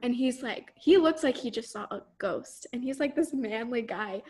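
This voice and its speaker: Young woman, from las vegas, animated storyteller, fairly high voice, casual chat. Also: normal speed, slightly rough. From Las Vegas, United States. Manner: animated, laughs often, acts out quoted voices.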